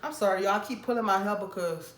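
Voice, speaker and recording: A woman's voice: medium pitch, fast talker. Chatty young woman telling a storytime. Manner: animated, chatty, addresses viewers directly. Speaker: vlogger. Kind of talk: casual storytime. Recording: roomy room with faint background noise.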